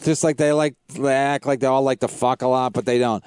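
A man's voice: mid-range voice, fairly even intonation, fairly quick, a little mellow, clean tone, no room sound. A man trading blunt, profane jokes in a comedy podcast conversation. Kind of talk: crude comedy banter.

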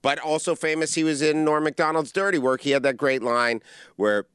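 A man's voice: on the high side, brisk, a bit bright, clean tone, no room sound, clean studio sound. A man hosting a comedy podcast, riffing in casual chat and breaking into mocking voices when he quotes people. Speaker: podcast host.

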